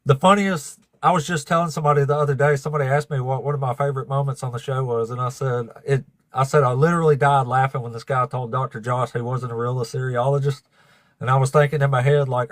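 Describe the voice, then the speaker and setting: A man's voice: medium pitch, fairly even intonation, fast talker, dry recording. A man hosting a livestream of debates, chatting casually with viewers, swearing freely and laughing often. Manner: profane, laughing, talks to chat.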